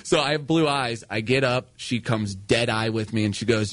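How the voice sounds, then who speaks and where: Animated male storyteller, dry studio. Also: medium pitch, moderate pace, few pauses, no room sound. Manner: acts out quoted voices, laughs mid-story. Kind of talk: casual chat, animated storytelling.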